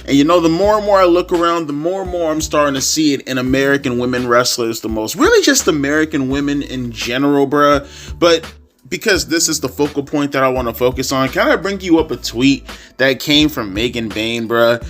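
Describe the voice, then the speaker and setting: A man's voice: mid-range voice, lively intonation, fairly quick, a bit bright, soft background music. A young man ranting as a YouTube wrestling commentator, profane, repetitive and exasperated.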